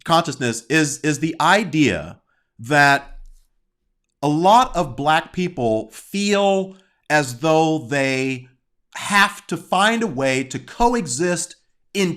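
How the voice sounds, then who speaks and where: A man with a somewhat high voice talks through a sensitive topic in casual conversation. He speaks earnestly but haltingly and keeps restarting his sentences as he works out his point. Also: a bit bright. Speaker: discussion guest.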